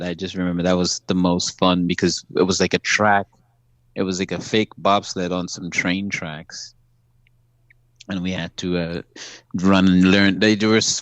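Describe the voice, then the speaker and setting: Calm, laughing man telling stories. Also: deep voice, no echo. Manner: calm, matter-of-fact storyteller who laughs often. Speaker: actor guest. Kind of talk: casual anecdote telling.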